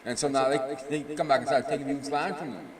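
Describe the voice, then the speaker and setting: A tired man giving casual, opinionated news commentary on a live stream, rambling with filler pauses. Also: medium pitch, fairly even intonation, a little hiss or hum. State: tired, yawning. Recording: roomy echo, distant mic.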